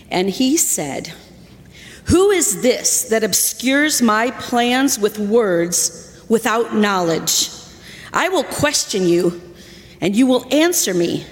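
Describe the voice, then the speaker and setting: Slow woman reading scripture in a church. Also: a little high. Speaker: scripture reader. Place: church sanctuary. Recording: long church reverb.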